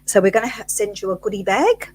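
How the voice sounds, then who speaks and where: A woman's voice: mid-range voice, lively intonation, fast, a little mellow, breathy edge, rough recording. Chatty Australian woman co-hosting a stream. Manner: chatty and playful, laughs often. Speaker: co-host of weekly live stream. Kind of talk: casual live-stream chat.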